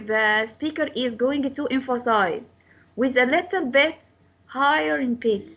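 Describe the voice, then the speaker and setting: A woman's voice: high voice, fairly bright tone, muffled recording. A woman teaching an English class, explaining step by step and repeating her instructions with many hesitations; her first language is Arabic.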